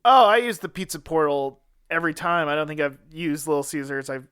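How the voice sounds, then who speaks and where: A man's voice: a little high, animated, fairly quick, fairly bright tone, clear, resonant tone. A man co-hosting a comedy podcast, joking around in casual chat. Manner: goofy, jokey, puts on silly voices. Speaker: podcast co-host.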